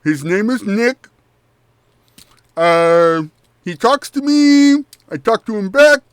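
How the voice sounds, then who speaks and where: A man's voice: high-pitched, slow, clear, resonant tone, no room sound, voice pushed up. A man voicing a distracted, chatty candy-apple-headed man who talks as if his mouth is full. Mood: chatty resigned. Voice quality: mushy, as if talking with a full mouth. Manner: rambling, cheerfully resigned.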